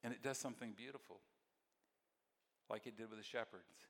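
A pastor delivers a sermon in a bright, forceful voice. He tells lively stories and then sinks into hushed, soft passages. The sound carries the long reverb of a large church hall. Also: lowish voice, fairly quick, gravelly. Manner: storytelling, swings from excited to very soft and hushed.

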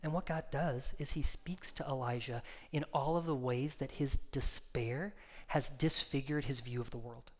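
A man's voice: mid-range voice, normal speed, long reverb tail. A man preaching a sermon in a casual, conversational way, acting out the quoted lines with rising intensity. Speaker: pastor.

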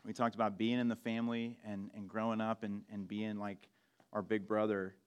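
A man preaching a sermon in a relaxed, conversational way, with frequent restarts and asides. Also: lowish voice, normal speed, clean tone. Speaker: pastor.

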